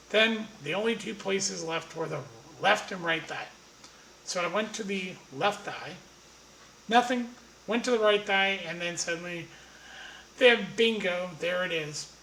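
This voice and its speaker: A man's voice: high-pitched, pushed and bright, reverberant, a little hiss or hum, poor audio. A man telling a casual anecdote in a blunt, profane, rambling way.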